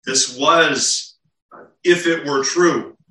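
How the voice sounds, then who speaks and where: A man's voice: fairly high pitch, slow, sharp tone. A man preaching an expository sermon in a church, asking rhetorical questions and acting out the quotes he reads. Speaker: pastor. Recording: echoey room, mic at a distance.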